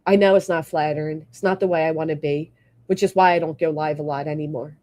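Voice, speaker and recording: A woman with a low, steady, darkish voice talks fast on a livestream. She rants bluntly and fired-up with plenty of swearing, pausing between rants to thank her members.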